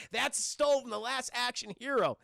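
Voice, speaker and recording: A man's voice: extremely high pitch, measured pace, vocal fry, a little hiss or hum. A man casually recapping a film scene by scene for his stream chat, rambling and profane. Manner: animated, profane, rambling storytelling.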